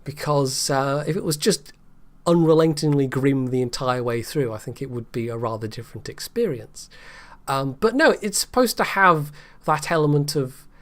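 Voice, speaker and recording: A man's voice: mid-range voice, moderate pace, fairly bright tone. A man giving a casual, rambling book review, hesitant and full of restarts.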